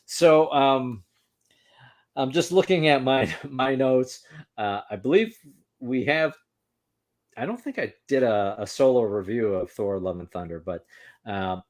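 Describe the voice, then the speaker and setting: A man hosting a casual chat, speaking haltingly with many fillers and breaking into laughs. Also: mid-range voice, expressive. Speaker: host.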